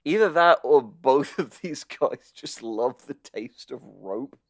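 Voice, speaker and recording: A man's voice: mid-range voice, animated, takes it slowly, no room sound, clean studio sound. A man co-hosting a podcast, casually recapping a cartoon episode, swearing and laughing as he tells it. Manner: storytelling, swearing, laughing often. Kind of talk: casual chat.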